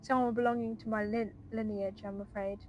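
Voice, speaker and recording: A woman's voice: medium pitch, flat delivery, fairly quick, a little mellow, faint music behind, lightly acted, rough recording. A woman reading aloud the lines of an earnest, resolute young noblewoman in a game. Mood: dismayed.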